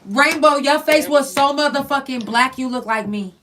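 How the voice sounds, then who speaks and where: A woman hosting a podcast, telling stories in a blunt, profane, animated casual chat. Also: high voice, moderate pace, crowd noise. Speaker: podcast host. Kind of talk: candid casual chat, storytelling. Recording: voice somewhat distant from the mic.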